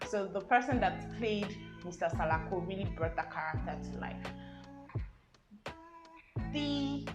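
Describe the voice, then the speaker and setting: Young nigerian woman vlogging a movie review, mid-pitch, echoey room with music under it. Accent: Nigerian English. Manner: rambling, many "um" and "I mean" asides. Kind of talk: casual chatty review. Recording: roomy sound with music behind.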